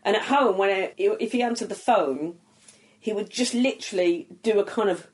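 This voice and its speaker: A middle-aged woman from the English Midlands with a Black Country accent, chatting as a comedian guest and telling stories with lively swearing. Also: medium pitch, normal speed. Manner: animated storytelling with swearing. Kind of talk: casual chat.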